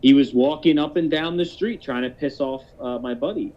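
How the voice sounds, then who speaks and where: A man's voice: medium pitch, moderate pace. A man in his thirties telling a long story in casual chat, rambling and swearing, with many restarts. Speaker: podcast host telling a story. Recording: dull lo-fi podcast audio.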